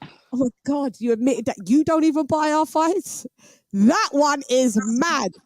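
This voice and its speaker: A woman's voice: sits high, a little slow, no room sound. Chatty woman host, dry mic. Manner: animated, laughs often, talks back to chat. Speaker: boxing show host. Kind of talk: casual live-stream chat.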